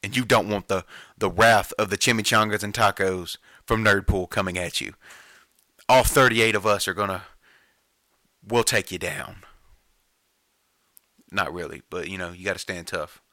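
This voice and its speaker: Gushing podcast host man, bright voice. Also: fairly low pitch, moderate pace, long pauses, no room sound. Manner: gushing, excitable fan talk. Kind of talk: casual movie-trailer rant.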